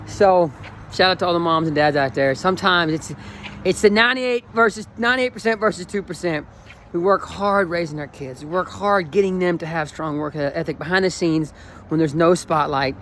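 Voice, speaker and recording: A man's voice: on the high side, moderate pace, a bit bright, slight background noise. A man in his forties, a running coach, talking in an enthusiastic, emotional and rambling way in a casual motivational vlog. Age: 40s.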